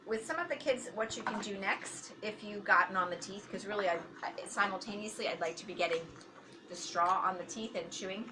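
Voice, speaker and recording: A woman's voice: medium pitch, brisk. A woman therapist explaining feeding techniques to a parent while coaching a young child through a session. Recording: noisy home video recording.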